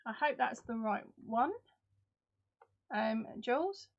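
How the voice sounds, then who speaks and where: A chatty woman with an Essex accent hosts a live stream, calling viewers by name and poking fun at herself. Her voice sits a touch high. The sound is dull and lo-fi, like home streaming audio. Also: animated, slow pace. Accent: Essex English. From Essex, England. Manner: chatty, self-deprecating, talks to viewers by name. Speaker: crochet channel host. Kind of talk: live-stream giveaway chat.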